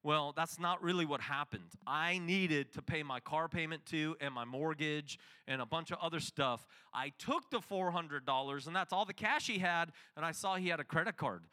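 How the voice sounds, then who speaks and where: A man's voice: a little high, normal speed, hardly any pauses, sharp tone. A middle-aged man preaching a sermon, telling a story and acting out the dialogue.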